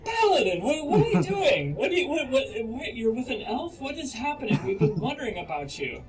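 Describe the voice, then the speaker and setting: A man voicing an excited, bubbly young female hobbit who stammers in surprise. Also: very high voice, slow, soft background music, pitched above the performer's own voice, full character voice, rough recording.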